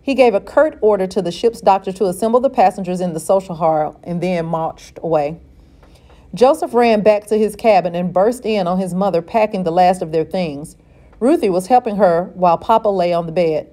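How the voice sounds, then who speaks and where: A woman reading a novel aloud in a steady, measured way. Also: on the low side. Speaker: reader.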